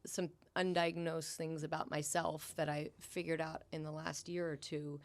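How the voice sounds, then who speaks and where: Low-voiced New England woman, chatty. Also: flat delivery, normal speed. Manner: chatty, quotes her own thoughts in a raised voice. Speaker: podcast guest, sign painter. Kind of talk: casual interview chat.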